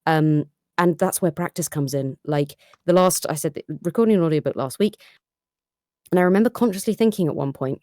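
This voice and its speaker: A British voice actress chats at speed from her home recording setup, critical of her own work. Her voice sits low for a woman and sounds dry and close-miked. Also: dark tone, no echo. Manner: fast-talking, self-critical. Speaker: voice actor. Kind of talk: casual chat. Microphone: home recording setup with headphones.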